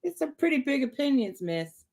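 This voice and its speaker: A woman's voice: sits high, very animated, vocal fry, crowd noise. A woman co-hosting a casual live stream, mostly chiming in with short replies and supportive remarks. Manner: supportive listener, quick affirmations and laughs. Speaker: co-host of a gaming health live stream. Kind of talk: casual chat.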